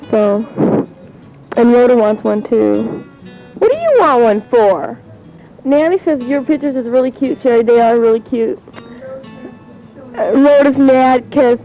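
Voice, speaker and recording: Recorded on dull, lo-fi home cassette from the 1970s, a teen girl's spoken letter wanders along amid chatter and giggles. She's a high school student with a mellow, fairly high-pitched voice.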